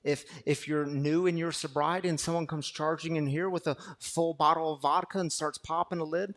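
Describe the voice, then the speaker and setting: A man's voice: a little high, steady tone, normal speed, hardly any pauses, a bit bright. A man preaching a sermon to a live congregation, calling them y'all and acting out a talk with his own fear. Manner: acts out inner dialogue with fear. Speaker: pastor. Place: room with a live audience.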